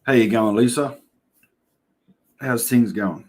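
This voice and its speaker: A man's voice: mid-range voice, takes it slowly, darkish tone. A middle-aged Australian man hosting a livestream, chatting casually with viewers and telling stories in a yarning way. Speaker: livestream host. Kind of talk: casual livestream chat reading comments.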